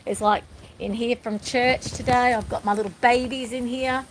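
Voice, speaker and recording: A woman's voice: fairly high pitch, steady tone, moderate pace, low-quality recording. Woman vlogger, candid and rambling, home phone recording with faint noise. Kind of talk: casual personal vlog.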